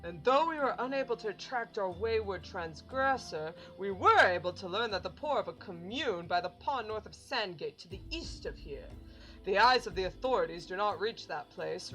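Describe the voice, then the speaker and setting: Suave wry young man, a woman voicing him, smooth and measured. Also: mid-range voice, animated, a bit bright, soft background music, lightly acted.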